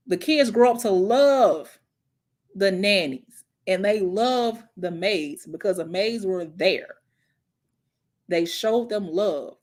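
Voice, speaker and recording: A woman hosting a casual talk stream, telling stories in a lively, preachy way, calling listeners child and honey and mocking others in put-on voices. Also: lowish voice. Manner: animated, preachy storytelling with mocking impressions. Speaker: host.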